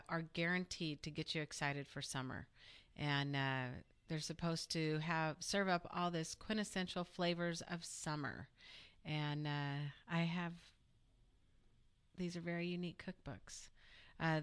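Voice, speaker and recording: A woman's voice: low-pitched, a bit bright, smooth. A woman co-hosting a radio show in casual, upbeat chat. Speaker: radio co-host.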